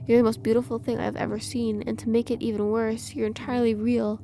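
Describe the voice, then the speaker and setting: A woman's voice: a little high, flat delivery, a little fast, background noise, lightly acted. A woman voicing a male artificial child creature who talks in a pained, pleading way to the one who raised him.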